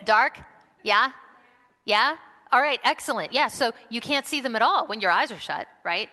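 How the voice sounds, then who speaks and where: In a church sanctuary, a woman with a bright, fairly high voice leads an interactive children's message during the service, speaking at normal speed. She coaxes and encourages the young volunteers with a steady stream of questions. The large hall gives her voice a long reverb.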